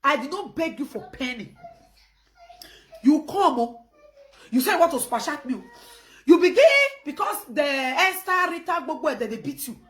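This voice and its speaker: Animated Nigerian woman ranting on a live stream. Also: high voice, moderate pace, pauses often. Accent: Nigerian Pidgin English. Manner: animated, laughing, switches between loud outbursts and quiet phone chat. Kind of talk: casual live-stream rant.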